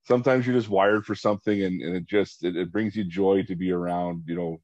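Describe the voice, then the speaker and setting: Very deep-voiced male host, dull dry audio. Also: fairly even intonation, brisk, crowd noise. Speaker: podcast host. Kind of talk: conversational interview.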